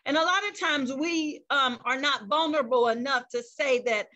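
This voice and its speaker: A woman's voice: high voice, normal speed, few pauses, bright, forceful tone. A woman pastor preaching a fervent sermon over a video call, breaking into praise as she goes. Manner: fervent, peppers speech with praise interjections.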